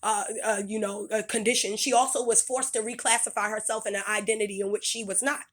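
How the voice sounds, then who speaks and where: A woman's voice: medium pitch, steady tone, quick pace, fairly bright tone. A woman speaking, delivering an angry, blunt, profane monologue straight to the listener. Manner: blunt, heated, profane, with many restarts and fillers. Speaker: commentator speaking to camera.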